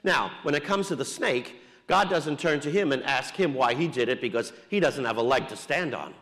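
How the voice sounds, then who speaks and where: A man's voice: mid-range voice, lively intonation, normal speed, fairly bright tone, big-room sound. A man, a Catholic priest, giving a homily in a conversational preaching style with wry jokes, in a church.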